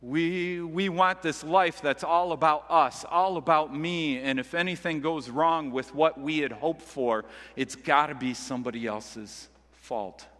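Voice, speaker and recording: A male pastor delivers a sermon in a conversational, earnest manner. His voice sits a little high and rings bright and forceful. It carries the long reverb of a large hall. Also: a little slow, hardly any pauses.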